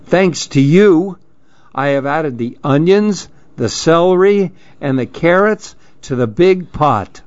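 A man voicing a cheerful, easily flustered female duck in a bright, excitable way. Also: fairly high pitch, slow pace, dull audio, pitched above the performer's own voice. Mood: excited.

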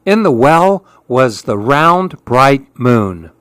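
A man reading children's storybooks aloud with an expressive, lilting delivery. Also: medium pitch, slow pace, no echo.

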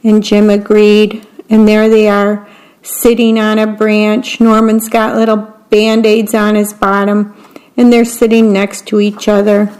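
A woman's voice: mid-range voice, completely flat delivery, darkish tone, low-quality recording. A woman reading children's picture books aloud, patiently describing each picture as she goes. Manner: slow, plain and patient, pointing out the pictures. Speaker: story reader.

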